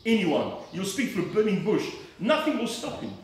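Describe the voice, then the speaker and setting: A man's voice: high voice, huge pitch swings, normal speed, recorded from a distance, a little hiss or hum. Earnest man preaching in echoey hall. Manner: earnest, emphatic storytelling. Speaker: lay preacher giving testimony. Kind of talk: personal testimony from the pulpit.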